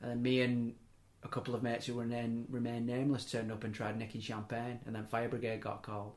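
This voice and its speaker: A man's voice: medium pitch, monotone, a little fast, a little mellow. A young man, telling long rambling stories in casual podcast chat, breaking off mid-sentence and adding chuckling asides. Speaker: podcast host. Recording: echoey room.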